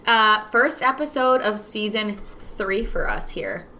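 A woman's voice: medium pitch, expressive, unhurried, sharp tone, slight background noise. A young woman co-hosting a podcast in casual, giggly chat full of fillers. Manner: giggly, chatty, lots of fillers. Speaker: podcast co-host.

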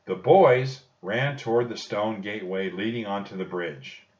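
A man narrating a children's storybook audiobook in a slow, expressive storytelling manner. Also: on the low side. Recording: dull distant recording.

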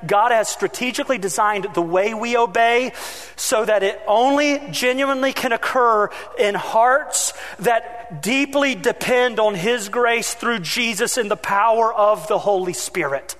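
A man's voice: very high voice, unhurried, long reverb tail. A man preaching a sermon as pastor, telling stories animatedly and acting out the voices in them. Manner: animated storytelling, acting out his own shouting.

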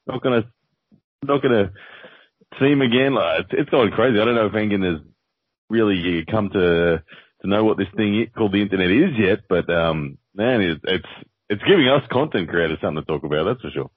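Aussie guy, low husky voice, stops and restarts a lot, sounds like a phone line. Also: no echo. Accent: Australian. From Australia. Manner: thoughtful, halting, repeats words. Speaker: podcast co-host. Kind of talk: casual podcast chat. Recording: tinny dry phone-like line.

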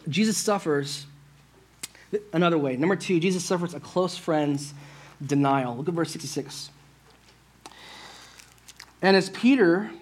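Man, pastor, sermon, high voice, chatty and direct with the congregation. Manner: conversational, asks the church "right?"; addresses listeners directly.

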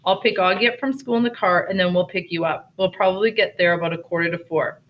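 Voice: medium pitch, steady tone, quick pace, distant mic, a little hiss or hum, natural voice. A reader voicing a worried, protective mother who fusses and apologizes, in a read-aloud story lesson on a dull lo-fi recording. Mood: decisive. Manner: apologetic, fussing, insistent.

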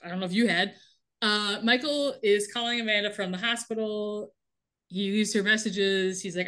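A woman in casual chat, recapping a TV episode with lively, laughing delivery and quick acted-out lines. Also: medium pitch. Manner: animated, laughing often, acts out characters' lines. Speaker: podcast co-host recapping a TV episode.

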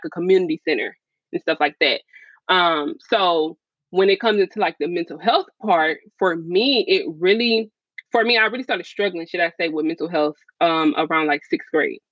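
A woman's voice: on the low side, dry recording. Frank woman guest telling her story. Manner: frank, casual talk with many fillers. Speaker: podcast guest. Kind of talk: personal storytelling interview. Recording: slightly dull, dry sound.

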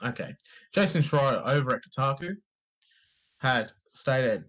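A man's voice: medium pitch, lively intonation, normal speed, long pauses, a bit bright, low-quality recording. A man co-hosting a podcast, reading gaming news aloud in a casual, sweary, joking way and tripping over names. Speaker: podcast co-host.

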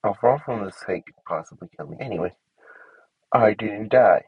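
A man's voice: fairly low pitch, expressive, normal speed, gravelly, slightly rough, no echo, phone-quality sound. A man giving casual commentary to himself while he builds in a game. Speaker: gameplay streamer.

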